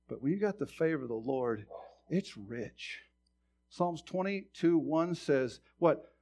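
A man in his fifties preaching a sermon, telling a personal story in a conversational way, often restarting words and swinging from loud preaching to quiet asides. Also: medium pitch, expressive, normal speed, husky. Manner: stammering restarts. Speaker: pastor.

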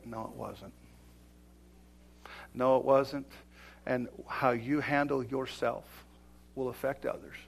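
A creaky, medium-pitched male voice belongs to a middle-aged pastor preaching in a conversational way. He dips to near whispers and builds to loud exclamations.

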